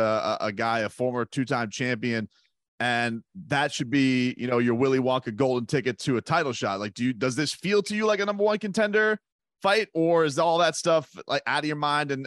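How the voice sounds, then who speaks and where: A man's voice: mid-range voice, moderate pace, fairly bright tone, no echo, clean studio sound. A man hosting a podcast, asking a long, rambling question with restarts. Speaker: podcast host. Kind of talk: interview questions.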